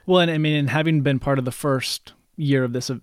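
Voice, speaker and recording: A man's voice: mid-range voice, fairly even intonation, a little fast, clean tone, no echo, clean studio sound. A man hosting an interview, asking rambling questions full of fillers in a casual chat. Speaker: podcast host.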